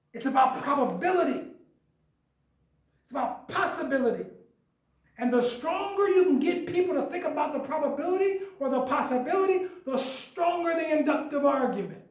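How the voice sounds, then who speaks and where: A man with a Chicago accent giving an animated storytelling lecture, acting out the voices in his story. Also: extremely high pitch. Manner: lively, acts out voices in dialogue. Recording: echoey room, mic at a distance.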